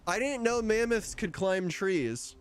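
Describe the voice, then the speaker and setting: A man's voice: sits high, expressive, a little slow, clear, resonant tone. A man casually commenting on his gameplay as a streamer, joking, laughing often and swearing now and then. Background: game music.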